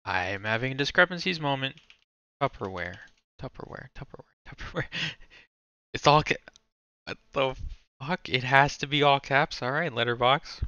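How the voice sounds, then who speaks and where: Ranking movies on stream, this man rambles, swears and thinks aloud in casual self-talk. He has a medium pitch and an expressive, smooth delivery at normal speed, with a bright, forceful tone. The audio is dull, with no room sound.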